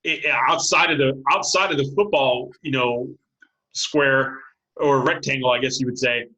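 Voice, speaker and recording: A man in his late forties, a high school football coach, telling stories as an interview guest and acting out what people said. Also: normal speed, rough recording. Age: late 40s. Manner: animated storyteller, acts out quotes, laughs often. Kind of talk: casual interview storytelling.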